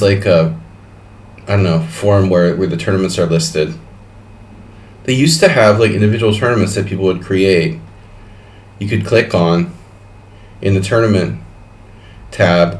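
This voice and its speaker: A man hosting a chess tournament on a live stream, chatting casually and rambling through exasperated complaints with plenty of fillers. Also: fairly low pitch.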